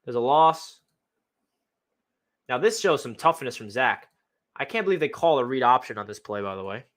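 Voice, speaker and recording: A young man excitedly breaking down game film as a fan analyst, talking in a slangy way full of exclamations. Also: mid-range voice, normal speed.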